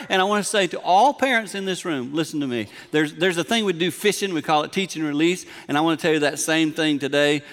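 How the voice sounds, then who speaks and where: Man, middle-aged, sermon, bright clear voice, long church-hall reverb. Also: high voice, animated, brisk, few pauses. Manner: storytelling, swings from quiet to emphatic. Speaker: pastor.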